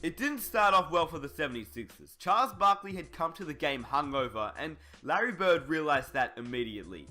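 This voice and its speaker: A male narrator tells a sports story in a scripted documentary read. His voice is bright and forceful, with a fairly high pitch that swings a lot. Soft background music runs underneath. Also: expressive, brisk, few pauses.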